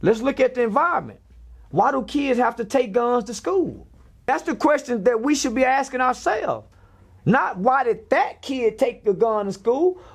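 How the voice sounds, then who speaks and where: A man's voice: very high-pitched, animated, moderate pace, husky. A man giving a blunt, preachy rant in a podcast interview, firing off rhetorical questions. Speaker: interview guest.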